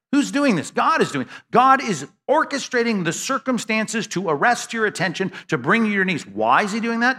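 Animated, bright-voiced male preacher. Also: sits high. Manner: animated preaching with rhetorical questions to the congregation. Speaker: pastor. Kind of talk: sermon.

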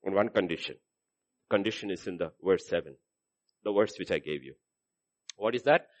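At a normal speed, a man preaches a sermon in an emphatic, repetitive style. He shifts from loud exhortation to a low, intense delivery.

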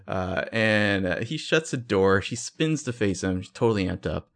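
Low-voiced podcast guy, laughs a lot, voice jumps around as he recaps. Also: normal speed, gravelly. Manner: laughs often, lively delivery. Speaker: podcast co-host. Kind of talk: casual recap chat.

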